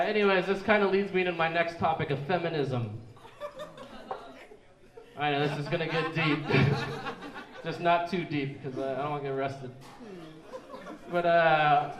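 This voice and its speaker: A man's voice: fairly high pitch, background noise. A young man doing a stand-up comedy set in a small club, rambling and restarting his words as he goes. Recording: echoey club room.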